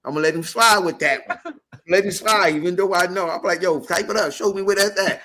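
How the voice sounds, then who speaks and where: A man whose voice sits high talks a little fast while hosting a podcast. His casual storytelling is animated, heavy on swearing, with what people said acted out.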